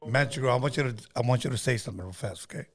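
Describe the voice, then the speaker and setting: A man's voice: mid-range voice, racing. A man hosting a casual talk show, joking and laid-back with a caller. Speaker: host. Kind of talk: casual chat.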